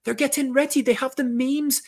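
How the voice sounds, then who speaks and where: A high, pressing voice in a put-on English accent that a man puts on. It pleads and swears through a mock pep talk, urgent and relentless. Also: fairly even intonation, brisk.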